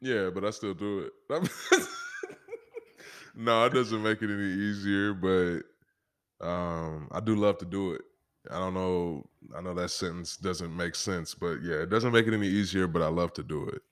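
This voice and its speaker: A man's voice: sits low, fairly even intonation, normal speed. A man guesting on a podcast as a musician, talking bluntly with dry jokes and no patience for small talk. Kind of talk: casual interview chat.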